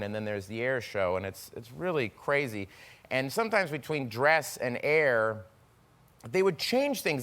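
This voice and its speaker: A man, a talk show guest, telling animated anecdotes with frequent laughter in casual chat. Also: mid-range voice. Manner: animated storyteller, laughing often, slips into acted voices.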